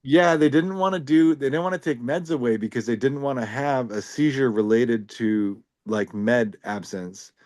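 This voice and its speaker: A man's voice: mid-range voice, moderate pace, hardly any pauses, darkish tone, no room sound, studio quality. A man talking casually on a podcast about living with epilepsy, rambling with lots of filler words and a wry, joking manner. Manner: rambling, heavy use of "like" fillers.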